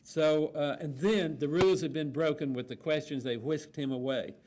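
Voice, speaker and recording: A man moderating a panel, reading an account aloud in a steady, plainspoken way with frequent fillers. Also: fairly high pitch, moderate pace.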